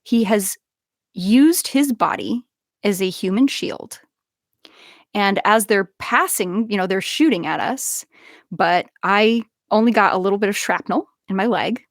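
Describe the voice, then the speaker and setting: A young woman telling a personal story in casual conversation, animated, with frequent laughs and many restarts. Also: medium pitch, measured pace, dry recording, clean studio sound. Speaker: podcast guest.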